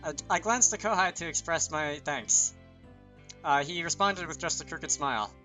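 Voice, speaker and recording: Bright-voiced man reading a visual novel. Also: on the high side, normal speed, faint music behind. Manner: self-deprecating, chatty asides. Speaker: channel host.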